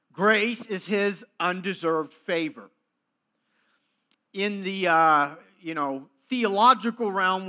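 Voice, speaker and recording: A man's voice: sits high, bright, forceful tone. A male pastor preaching a sermon emphatically to his congregation, speaking to them directly.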